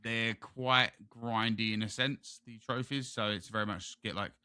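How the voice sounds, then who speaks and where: A man's voice: fairly low pitch, steady tone, unhurried, bright, forceful tone, clear, resonant tone, no echo, studio quality. A British man hosting a gaming podcast, chatting casually in a rambling, jokey way. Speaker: podcast host. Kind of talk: casual chat.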